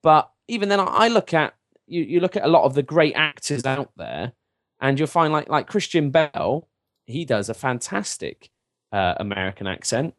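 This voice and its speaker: A man from England with an English accent, co-hosting a casual podcast chat and talking in a lively, chatty way with quick asides. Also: a little high, no room sound, studio quality. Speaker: podcast co-host.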